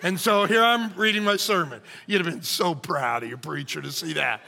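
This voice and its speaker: A man pastor, telling an animated, joking story in a sermon. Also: fairly high pitch, normal speed, creaky, big-room sound. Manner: animated, jokey, acts out shouting crowds.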